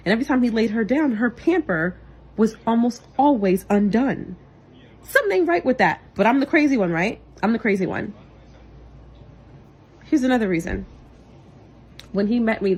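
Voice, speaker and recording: Intense, earnest young woman. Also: slightly rough. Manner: earnest, intense, swings between loud outbursts and quiet low passages. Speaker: vlogger and single mother. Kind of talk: emotional personal testimony to camera.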